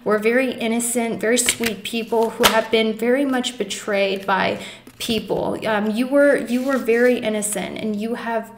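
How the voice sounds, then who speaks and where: A fairly high-voiced woman reads tarot cards for her viewers in a heartfelt, reassuring way, often calling them "guys." Her voice rings around a bouncy, echoey room. A faint hiss sits behind her. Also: fairly even intonation, normal speed. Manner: earnest, emotional, reassuring; many fillers and restarts, addresses viewers as guys. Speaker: tarot reader. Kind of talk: pick-a-card tarot reading.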